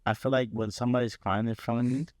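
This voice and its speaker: A man's voice: mid-range voice, steady tone, fast talker, a little mellow, no echo. A man in his late teens co-hosting a casual podcast chat, joking and defensive. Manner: playful, defensive, jokey. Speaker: podcast co-host.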